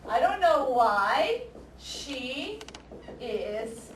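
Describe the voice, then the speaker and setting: Woman teacher, high voice, echoey classroom, recorded from a distance. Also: big pitch swings. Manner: slow, deliberate, repeats example sentences and quizzes students. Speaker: ESL teacher. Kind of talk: classroom grammar lesson. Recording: echoey classroom, camera far off, faint noise.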